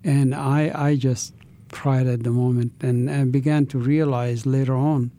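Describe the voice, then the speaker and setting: Earnest man telling his testimony, warm-toned. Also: mid-range voice, flat delivery. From Palestinian territories. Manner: earnest, halting with restarts. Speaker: guest, author. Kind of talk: personal testimony in interview.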